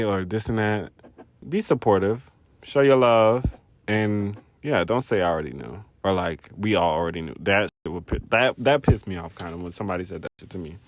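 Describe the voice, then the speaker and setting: A young man telling a personal story in a casual vlog, rambling, animated and profane. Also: fairly low pitch, no room sound. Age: young adult. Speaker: vlogger.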